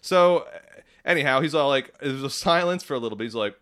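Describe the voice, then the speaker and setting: A man's voice: mid-range voice, animated, fast, fairly bright tone, smooth. Rambling man telling a story. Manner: rambling storyteller with many fillers and restarts, gets heated. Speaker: podcast co-host. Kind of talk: casual chat.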